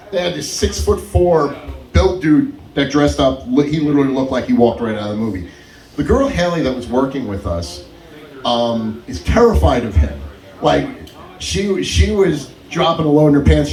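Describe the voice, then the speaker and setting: A young adult man doing stand-up at an open mic, telling stories and laughing through them. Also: medium pitch. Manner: animated, laughs through his own stories. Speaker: stand-up comedian. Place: comedy club stage. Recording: roomy club sound, mic at a distance.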